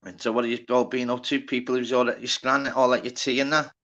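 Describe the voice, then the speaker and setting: A man's voice: medium pitch, little pitch movement, quick pace, a bit bright, lo-fi sound. A man with a Liverpool accent hosting a casual live stream, chatty and sweary, greeting viewers by name. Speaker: livestream host.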